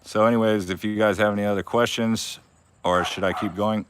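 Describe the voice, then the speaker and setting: A man's voice: lowish voice, steady tone, fairly quick, a little hiss or hum. A young man hosting a casual live-stream Q&A from his backyard garden, rambling and laughing often. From Arizona.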